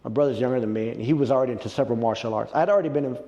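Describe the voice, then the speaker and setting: A man in a casual interview, telling a story with animated retelling and quoted reactions. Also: medium pitch, racing, in a large hall, lo-fi sound. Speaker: interview guest, jiu-jitsu black belt.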